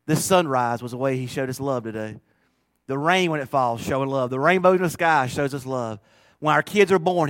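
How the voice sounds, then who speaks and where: A man's voice: high-pitched, fairly bright tone, dry recording. Man, pastor, conversational sermon, emphatic, repeats himself, dry recording.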